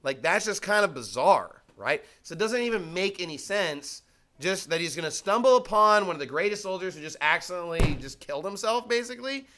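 This man's voice sits high, and he speaks fairly quickly with an animated, bright, forceful delivery. Teaching the Bible in a relaxed, conversational style, he fires off rhetorical questions and emphatically repeats himself.

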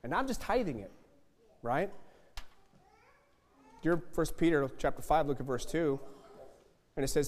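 A man preaching a fiery sermon, emphatic and repetitive, building to loud outbursts. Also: medium pitch, sing-song, moderate pace, long pauses, in a large hall. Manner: emphatic, repetitive, rising to shouts.

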